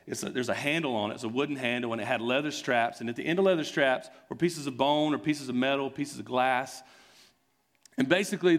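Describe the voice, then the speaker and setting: A man preaching, telling the story in an easy, conversational way with earnest weight. His voice sits at an everyday middle pitch. Now and then he slows down to lean on a point. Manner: retells scenes with voiced quotes, conversational and earnest. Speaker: pastor. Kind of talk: sermon storytelling.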